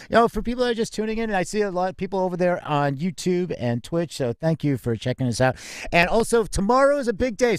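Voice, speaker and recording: Smooth, clear-voiced male co-host. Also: on the high side, no echo, clean studio sound. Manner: upbeat, chatty, laughs often. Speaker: co-host of a live music news show. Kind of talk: casual live-stream chat. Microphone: home desk mic.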